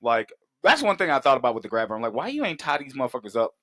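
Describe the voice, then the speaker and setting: A man in casual podcast chat, profane and animated, jumping into quick impressions of characters. His pitch sits at a middle height for a man. The sound is dry and close, with no room in it. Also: dry recording. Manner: profane, animated, acts out scenes in quick voices. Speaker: podcast co-host. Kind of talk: casual movie review chat.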